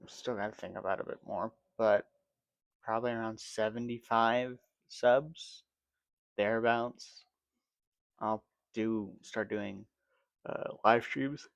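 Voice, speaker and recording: Man, gaming vlogger, sleepy, rambling, gravelly low voice, dry close mic. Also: steady tone, slow pace, no room sound. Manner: rambling, yawning, self-correcting. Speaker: gaming channel host. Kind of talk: casual gameplay commentary.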